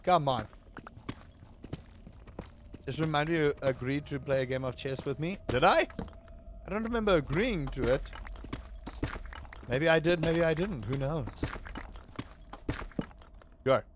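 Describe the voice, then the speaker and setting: A man streaming a game, chatting casually and playfully with his viewers, sometimes bursting into loud, excited hype. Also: a little high, slow pace, pauses often. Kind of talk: casual live-stream chat.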